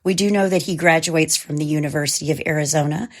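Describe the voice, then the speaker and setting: A woman with a hoarse voice from a cold, co-hosting and narrating a true crime podcast in a measured, scripted way. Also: low-pitched. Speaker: podcast co-host.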